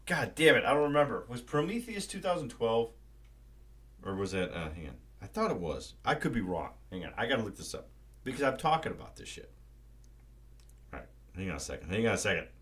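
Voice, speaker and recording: A man's voice: lowish voice, very animated, a little fast, a bit bright. A man hosting a live stream, ranting casually and profanely about a movie. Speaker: livestream host.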